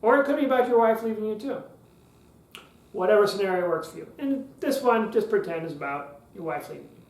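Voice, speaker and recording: A man hosting a public speaking podcast, talking emphatically, repeating key phrases and leaving long pauses. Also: extremely high pitch. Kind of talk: instructional podcast talk. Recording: roomy echo.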